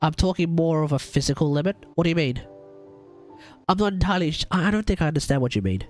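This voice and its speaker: A man's voice: on the high side, lively intonation, quick pace, soft background music. Nasal-sounding man with a cold. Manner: rambling, joking, repeats himself. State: blocked nose from a cold. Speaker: game streamer. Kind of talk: casual live-stream chat.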